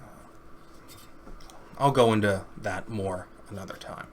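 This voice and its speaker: A man's voice: fairly low pitch, slow, slight background noise. Firm man giving a commentary rebuttal. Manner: firm, corrective.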